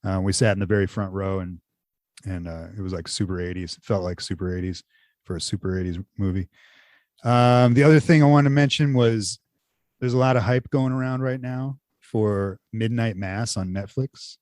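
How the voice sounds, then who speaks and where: A man's voice: on the low side, moderate pace, a little mellow, no echo, clean studio sound. A man co-hosting a podcast in casual chat, rambling loosely and full of "like" fillers. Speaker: podcast co-host.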